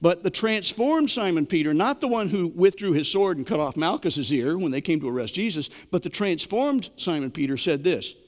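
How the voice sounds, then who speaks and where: Pastor, middle-aged man, slightly higher voice, chatty sermon delivery, long church reverb. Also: expressive, normal speed, few pauses. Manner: conversational preaching, asks the congregation questions.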